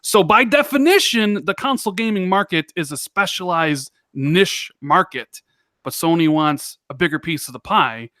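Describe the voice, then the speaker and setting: Male panelist, slightly high voice, explanatory, dry mic. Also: expressive, moderate pace, sharp tone, no room sound. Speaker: podcast panelist. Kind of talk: casual panel chat.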